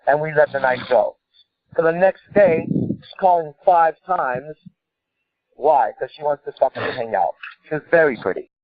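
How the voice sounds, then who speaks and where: A man's voice: fairly high pitch, normal speed, no echo. Profane, intense man on a tinny line. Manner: intense, profane, emphatic storytelling. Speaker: podcast co-host. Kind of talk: storytelling in a call-in podcast. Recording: tinny phone-like sound.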